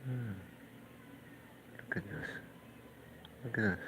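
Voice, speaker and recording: A man's voice: mid-range voice, slow, background noise. A man who paints, ranting in casual, profane, scornful commentary while reacting to clips.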